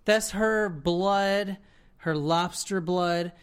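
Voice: mid-range voice, drawn-out words, clean tone. A podcast co-host telling a story in casual, rambling chat, swearing freely and often checking in with the listener. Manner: rambling, profane, keeps checking in with "right?".

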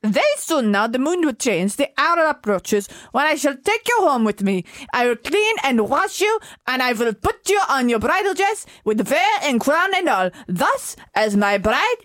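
A woman putting on a hammy mock accent as a doting, creepy old German count, lively in pitch. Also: normal speed, hardly any pauses, no echo. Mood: courtly.

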